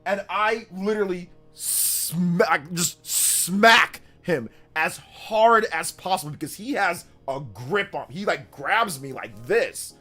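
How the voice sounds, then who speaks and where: Animated male streamer telling stories. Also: high voice, takes it slowly, breathy edge, soft background music. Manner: animated, with exaggerated voices for quoted people. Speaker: livestream host. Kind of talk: casual storytelling.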